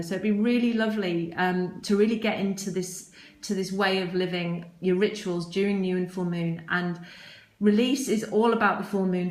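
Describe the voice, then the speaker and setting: A woman's voice: medium pitch, reverberant. A woman hosting a casual live session as a spiritual teacher, chatty and encouraging as she reads out viewer comments. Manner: warm, encouraging, chatty with frequent restarts.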